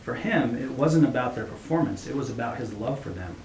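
A man's voice: medium pitch, expressive, brisk, darkish tone. A man reading a story aloud and then reflecting on it as a preacher, with hesitant restarts. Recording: roomy echo, faint hum.

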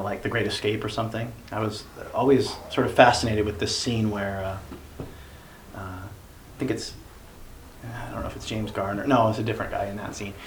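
In a basement meeting room, a man leads a church small group through a casual teaching discussion, rambling with plenty of fillers and self-corrections. His voice sits on the low side with a slight brightness. The recording has a roomy echo and faint background noise.

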